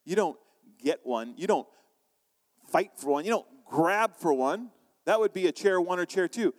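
Animated male pastor preaching in a hall. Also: high-pitched, a little slow. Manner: animated, acts out quoted voices, asks the congregation questions. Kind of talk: sermon.

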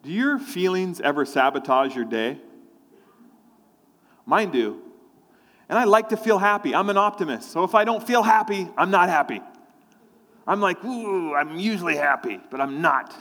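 A man's voice: sits high, sing-song, normal speed, long pauses, a bit bright, long reverb tail. A man preaching a sermon, telling a personal story and acting out his own thoughts and prayers. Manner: storytelling, acts out his own inner voices.

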